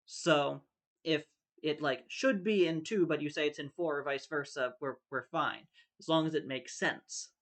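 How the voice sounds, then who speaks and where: A man's voice: a little high, moderate pace, fairly bright tone. A man teaching a recorded music theory lesson, talking through each step and singing rhythms on syllables. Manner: thinks aloud, sings rhythms on syllables.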